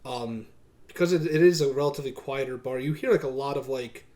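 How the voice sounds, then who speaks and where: A man's voice: medium pitch, brisk, a little mellow. A man running a tabletop role-playing game as game master, narrating in a hesitant way with many fillers.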